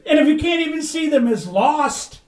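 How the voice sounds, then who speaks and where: Impassioned high-voiced male preacher. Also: lively intonation, moderate pace. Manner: impassioned, swings from loud to hushed. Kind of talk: sermon. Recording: echoey room, mic at a distance.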